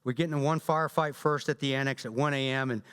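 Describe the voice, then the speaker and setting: Guest speaker, male, Southern drawl; animated, blunt storyteller with jokes, long church-hall reverb. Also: mid-range voice, fast, smooth. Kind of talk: storytelling talk to a church audience.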